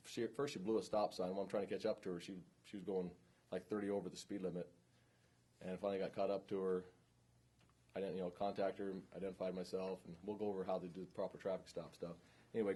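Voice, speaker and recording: A man's voice: deep voice, mellow, slightly rough. A man teaching a police training class, speaking informally and often checking in with the room.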